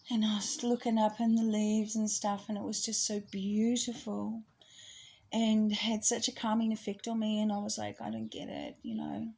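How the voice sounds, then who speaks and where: A woman giving a rambling, chatty spiritual talk, with laughs and soft asides. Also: medium pitch, rough recording. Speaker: astrology presenter.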